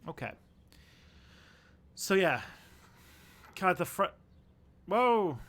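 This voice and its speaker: A man's voice: high voice, sing-song, very slow, fairly bright tone. A man hosting a casual live stream, chatting in a rambling, easygoing way to his viewers. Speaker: livestream host.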